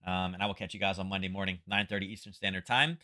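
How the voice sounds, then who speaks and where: This low-pitched man talks in a rapid-fire, bright, forceful way while keeping a steady tone. He's running a casual market commentary livestream, rambling with dry side remarks, and wildfire smoke has given him a headache.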